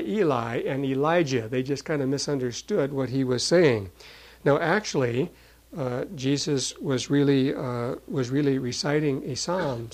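A man's voice: a little high, a little mellow, low-quality recording. Earnest male preacher teaching scripture. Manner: earnest, reads scripture aloud with emphasis; restarts and fillers while explaining. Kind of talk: sermon, Bible teaching.

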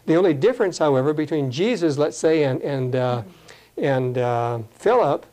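A man preaching a sermon, reading scripture slowly and explaining it in plain, earnest talk. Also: a little high, animated, mellow.

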